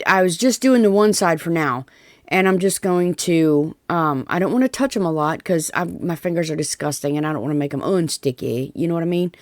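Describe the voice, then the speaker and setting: A woman's voice: on the low side, darkish tone, no echo, studio quality. Chatty Southern woman crafting. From Tennessee. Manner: chatty, folksy, rambling with fillers. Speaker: DIY crafts vlogger. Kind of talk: casual voiceover narration of a craft project.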